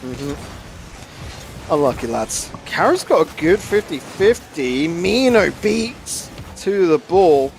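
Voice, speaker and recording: A man commentating a live esports match, quick to exclaim over big plays and replays, on a headset mic. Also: on the high side, sing-song, creaky, slight background noise.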